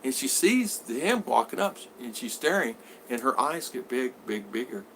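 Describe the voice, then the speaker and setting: A man's voice: medium pitch, sing-song, normal speed, a little hiss or hum. A man vlogger chatting casually on a live stream, telling rambling stories and acting out the people in them. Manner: rambling storyteller who acts out voices.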